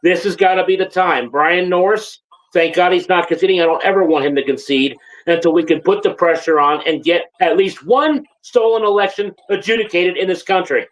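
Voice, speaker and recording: A man's voice: sits high, a little fast, low-quality recording. Easygoing male co-host. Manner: agreeable, short replies. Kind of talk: casual live talk-show chat.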